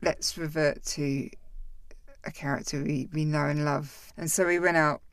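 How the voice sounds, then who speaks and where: A woman in easygoing podcast chat, with a low voice for a woman. She sounds reflective and laughs easily. The recording is dry and close, with no room sound. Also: fairly even intonation, a little slow, dry recording. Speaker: podcast co-host.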